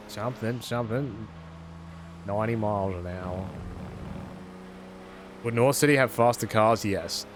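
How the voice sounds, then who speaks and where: A man's voice: fairly low pitch, measured pace, long pauses, noisy background. A man streaming a racing game, talking to himself in a sarcastic, self-deprecating way. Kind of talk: casual gameplay commentary.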